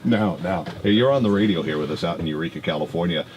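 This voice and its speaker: A man's voice: sits low, fast talker, a little mellow, a little hiss or hum. A man hosting a morning radio show in the studio, chatting and teasing a caller on the phone. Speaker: radio host.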